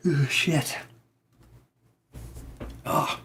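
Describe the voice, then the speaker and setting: A man speaks extremely slowly in a bright, forceful tone, with a little hiss or hum audible. As a tarot reader and live streamer, he rambles chattily and reacts to comments from his viewers in casual conversation.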